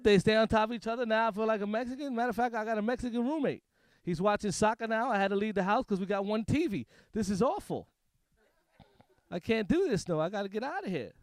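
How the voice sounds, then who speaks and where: High-voiced New comedian, dry sound. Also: male voice, darkish tone, no echo. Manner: loose, rambling, jokey delivery. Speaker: stand-up comedian. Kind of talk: stand-up comedy set. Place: small comedy studio stage.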